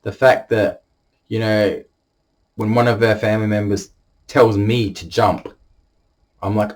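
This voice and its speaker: A young man telling a personal story to the camera, halting and emotional, holding back tears. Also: fairly low pitch, darkish tone. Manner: halting, emotional, many restarts.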